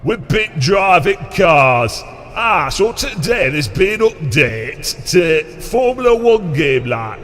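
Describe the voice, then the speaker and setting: A man putting on a deep-voiced northern English male car streamer who drops his articles and drawls in a homely way. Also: very animated, takes it slowly, a bit bright, long reverb tail, soft background music, full character voice. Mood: jokey. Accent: Northern English, put on.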